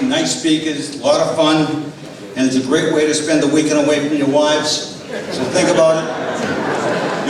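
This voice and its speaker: A man acting as emcee at a community dinner, making casual, joking announcements. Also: on the high side. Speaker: event emcee. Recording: echoey hall from far off.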